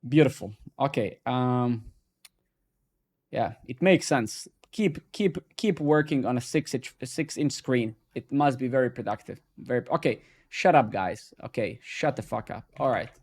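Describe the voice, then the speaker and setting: Ranting, profane male live-coding streamer. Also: medium pitch. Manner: profane, ranting and joking with chat; fast, excitable, fillers like man and bro. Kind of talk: casual live-stream chat. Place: home desk setup.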